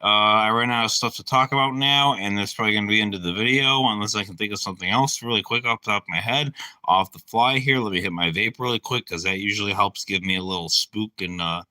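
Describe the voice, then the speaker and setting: A man's voice: on the low side, fast, sharp tone, dry recording. A man rambling through a casual live-stream monologue, swearing often and leaning on fillers like "you know" and "uh". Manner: profane, filler-heavy, meandering. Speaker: channel host.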